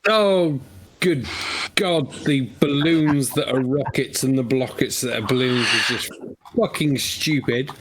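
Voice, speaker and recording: A man's voice: mid-range voice, unhurried, fairly bright tone, breathy edge. A man on a casual online panel, ranting and swearing heavily.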